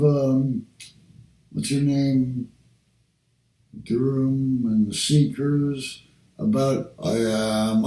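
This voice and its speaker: A man's voice: mid-range voice, mellow. An older man from Canada, talking in a rambling, profane monologue for a personal video. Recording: roomy sound, distant from the mic.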